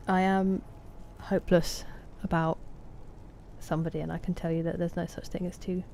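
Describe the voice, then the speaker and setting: A woman's voice: lowish voice, little pitch movement, unhurried, long pauses, warm tone, a little hiss or hum. A woman with an English Estuary accent, chatting casually with viewers while she streams a game. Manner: chatty, answers chat messages by name.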